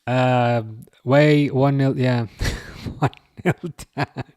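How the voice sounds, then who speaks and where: Male streamer, casual and self-deprecating, mid-pitched, dry close sound. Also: fairly even intonation, very slow, a little mellow, dry recording. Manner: chatty, self-mocking, stammering restarts, frequent laughs. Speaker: livestream host. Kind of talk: casual live match commentary.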